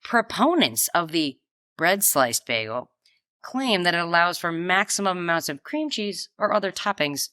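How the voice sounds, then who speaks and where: Bright, crisp-voiced woman co-hosting a chat. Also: fairly low pitch, normal speed, no room sound. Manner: animated, playful, reads out debate notes. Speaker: podcast co-host. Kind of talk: casual chat.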